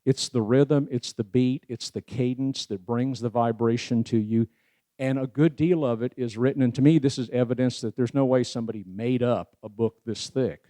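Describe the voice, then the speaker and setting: A man's voice: mid-range voice, fairly even intonation, moderate pace, dark tone, dry recording. A man giving a casual spiritual presentation, talking in a folksy way with wry asides and many "you know"s. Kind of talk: casual spoken lecture.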